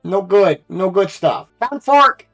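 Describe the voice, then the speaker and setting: A man voicing a small excitable winged kobold creature that speaks in broken, choppy words with chirping trills. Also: sits high, takes it slowly, faint music behind, pitched above the performer's own voice, exaggerated voice. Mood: chirpy.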